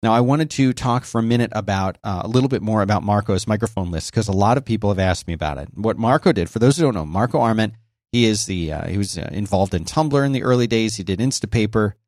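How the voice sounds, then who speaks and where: A man's voice: on the low side, fast, a little mellow, dry recording. A man hosting a casual solo podcast, talking in a conversational, explanatory way with frequent restarts, on a close dynamic microphone in a home office. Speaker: podcast host. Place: home office by a busy highway. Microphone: close dynamic microphone with noise gate.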